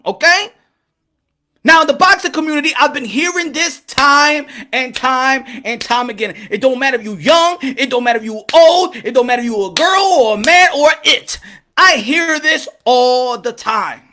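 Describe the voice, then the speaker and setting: A man's voice: very high-pitched, lively intonation, normal speed, pushed and bright. Rambling, profane male boxing streamer. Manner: profane, rambling, laughing, repeats himself. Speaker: boxing channel host. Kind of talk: casual livestream boxing commentary.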